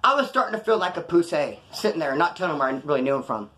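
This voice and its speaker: A man's voice: a little high, expressive, rapid-fire, sharp tone. A man telling a story from his past in a casual, profane, slang-filled way, acting out the voices of the people in it. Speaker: storyteller talking to camera.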